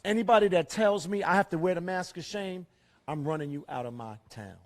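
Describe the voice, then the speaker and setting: A middle-aged man giving an impassioned rally speech at a fairgrounds event. He hammers home rhetorical questions and swings between loud and hushed. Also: high-pitched, a little fast. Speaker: rally speaker.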